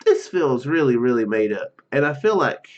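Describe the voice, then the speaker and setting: A man with a slightly froggy, hoarse throat, casually reading and chatting through a text adventure game, rambling with many fillers and restarts. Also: mid-range voice, sing-song, moderate pace, lo-fi sound. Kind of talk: casual let's-play commentary and reading.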